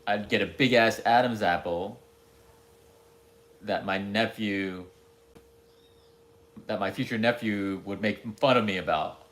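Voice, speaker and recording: A man's voice: lowish voice, measured pace, long pauses, a bit bright. A man rambling candidly to himself in a casual, self-deprecating monologue.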